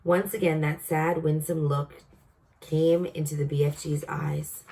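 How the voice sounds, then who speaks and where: A woman reading a children's storybook aloud in a steady, expressive way, heard from a distance. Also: sits low, a little slow. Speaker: storybook reader. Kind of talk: read-aloud storybook narration.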